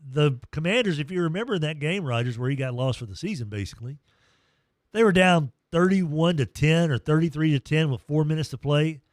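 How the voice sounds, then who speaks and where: A man's voice: a little high, lively intonation, brisk, no room sound, studio quality. A man hosting a sports talk show, telling stories in a casual way, acting out quotes and reading sponsor spots. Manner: reads live sponsor reads. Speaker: sports radio host.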